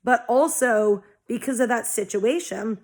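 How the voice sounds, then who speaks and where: A woman's voice: fairly high pitch, measured pace, darkish tone. A young adult woman talking casually about spiritual growth in a blunt, heavily profane way, acting out her own past reactions. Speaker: spiritual vlogger. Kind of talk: casual monologue.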